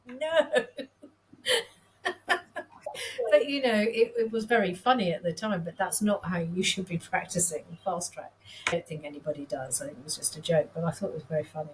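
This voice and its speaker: Low-voiced candid woman in her fifties. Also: moderate pace, slight background noise, low-quality recording. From United Kingdom. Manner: candid, self-deprecating, laughs easily. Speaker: nurse practitioner guest. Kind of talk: casual conversational storytelling.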